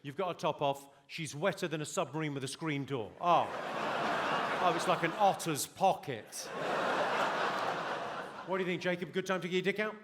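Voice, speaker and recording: A man's voice: on the high side, fast talker, few pauses, heavy background noise. A man doing stand-up on a big theater stage, lecturing an audience member in a dry, mock-stern way. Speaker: stand-up comedian. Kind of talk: stand-up comedy set. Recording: live show with loud crowd laughter.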